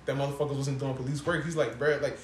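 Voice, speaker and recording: A man co-hosting a podcast, chatting casually about TV shows in fast slang with lots of swearing. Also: mid-range voice, steady tone, roomy sound, crowd noise. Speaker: podcast co-host.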